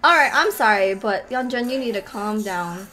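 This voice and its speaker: A young woman reacting to a video in casual, animated commentary, often exclaiming and laughing. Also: mid-range voice, moderate pace. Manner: animated, exclaiming and laughing at what she watches. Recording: music playing behind her voice. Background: faint music.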